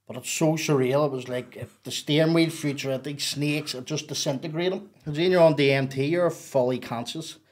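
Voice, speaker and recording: A man, a podcast guest telling a story in a casual, animated, profane and rambling way. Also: on the high side, normal speed, hardly any pauses.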